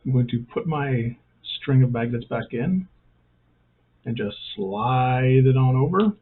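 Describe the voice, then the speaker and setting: A man's voice: mid-range voice, lively intonation, measured pace, slight background noise. A man hosting a casual step-by-step hobby tutorial, talking in a rambling way with self-mocking jokey asides. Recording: thin phone-like sound.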